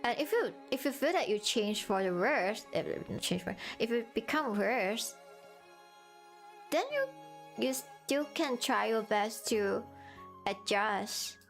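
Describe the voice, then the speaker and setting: Woman streamer with a sore throat, slightly high. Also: expressive, soft background music. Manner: earnest and encouraging, halting non-native English phrasing. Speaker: VTuber streamer. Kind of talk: casual live-stream chat with encouraging advice.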